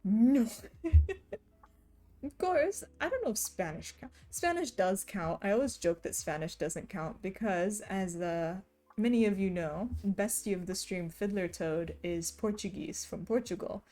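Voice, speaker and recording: Chatty, giggly woman streamer, mellow voice. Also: medium pitch, lively intonation, unhurried. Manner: chatty and giggly, often laughing. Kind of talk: casual chat while reading chat aloud.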